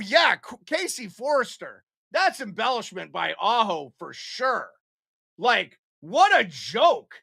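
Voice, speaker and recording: Ranting man, high and gravelly. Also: dry recording, studio quality. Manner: ranting, profane, frequently shouting. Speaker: live stream host. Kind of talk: angry live hockey commentary.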